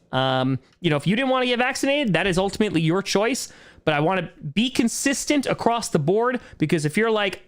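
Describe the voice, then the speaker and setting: High-voiced man rambling through a stream Q&A. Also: fairly bright tone. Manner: rambling, self-interrupting, laughs often. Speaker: streamer host. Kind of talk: casual livestream Q&A chat.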